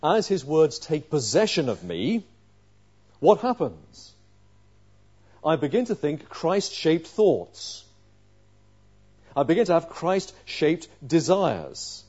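Emphatic preacher with a mellow voice. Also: male voice, a little high, very animated, takes it slowly, pauses often, highs cut off. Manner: emphatic, rhetorical questions, swings from quiet to loud. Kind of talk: sermon.

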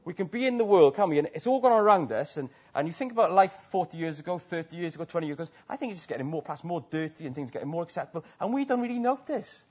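Welsh preacher with a husky voice. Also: male voice, fairly high pitch, animated, very fast, hardly any pauses, darkish tone, lo-fi sound. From Wales. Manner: conversational, asks many tag questions. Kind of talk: sermon. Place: church.

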